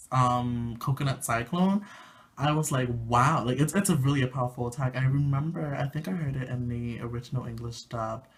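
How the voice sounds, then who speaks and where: A man chatting through a casual video review in a middle-pitched voice, rambling with fillers and restarts. He gushes eagerly, sometimes trailing into quiet murmurs and sometimes jumping up into high squeals. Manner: excitable, gushing, swings from soft murmurs to high squeals. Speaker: anime reviewer.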